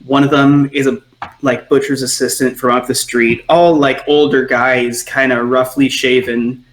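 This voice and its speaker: A man's voice: medium pitch, level tone, normal speed. Casting: easygoing male game master narrating loosely, roomy echo. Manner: loose, filler-heavy narration.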